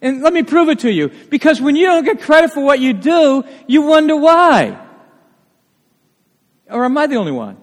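A male pastor preaching a sermon, animated and full of rhetorical questions. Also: extremely high pitch, normal speed. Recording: long reverb of a church hall.

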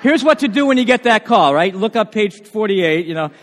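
A man preaching a sermon as pastor, telling stories in an animated way and often restarting his words. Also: high voice, a little fast, in a large hall. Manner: animated storytelling with frequent restarts.

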